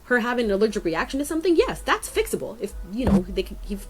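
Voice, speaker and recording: A woman co-hosting a podcast in casual chat, rambling with many fillers and jumping up in pitch to stress a point. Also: very animated, fast talker, background noise. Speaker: podcast co-host.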